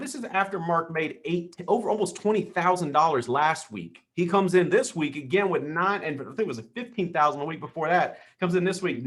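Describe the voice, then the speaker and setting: A man leads a team's weekly sales call, running through leaderboards and paychecks with pumped-up energy. His voice sits a touch high, and he keeps throwing in "dude" and "brother" as he cheers people on. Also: a bit bright. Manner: hyped, calls everyone dude and brother, quick asides. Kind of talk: excited leaderboard shout-outs on a call.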